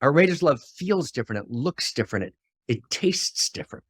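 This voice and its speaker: A man's voice: fairly high pitch, big pitch swings, fairly quick, breathy edge, dry recording, studio quality. Impassioned man with a preacher's swings. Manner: swings from hushed to fiery and exclamatory; rhetorical questions and repetition. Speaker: spiritual teacher. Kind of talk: impassioned spiritual talk.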